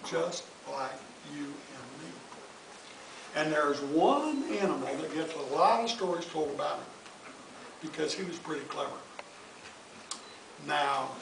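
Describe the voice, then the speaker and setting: A man telling folk tales to his family in an animated, folksy way. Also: on the high side. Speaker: family storyteller. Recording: distant echoey noisy home recording.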